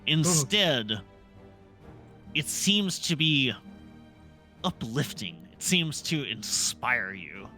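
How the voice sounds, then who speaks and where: A man narrating a tabletop role-playing game as dungeon master, setting scenes in an unhurried, descriptive way. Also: mid-range voice, sing-song, pushed and bright, soft background music.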